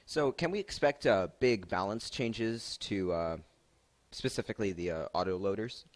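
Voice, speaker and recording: A man's voice: fairly low pitch, expressive, normal speed, a little hiss or hum. A man hosting a casual Q&A on his stream, rambling with many fillers and laughs. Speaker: stream host asking questions.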